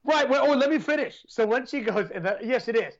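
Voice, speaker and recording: A man's voice: very high-pitched, lively intonation, a little fast, lo-fi sound. A man co-hosting a podcast, telling rambling stories in casual chat and laughing often. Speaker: podcast co-host.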